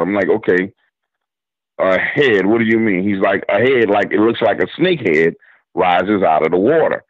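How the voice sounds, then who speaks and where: Lowish-voiced New Orleans man telling stories. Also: normal speed, no echo. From New Orleans, Louisiana. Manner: retells story with quoted back-and-forth dialogue, drawling casual slang. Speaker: guest storyteller. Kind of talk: casual storytelling interview. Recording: dull lo-fi radio audio.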